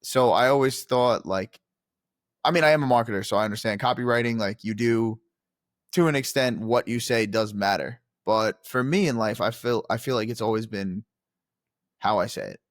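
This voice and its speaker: A man hosting a podcast interview, asking questions in a relaxed, plain conversational way. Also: mid-range voice, moderate pace, no echo, studio quality. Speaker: podcast host, marketer.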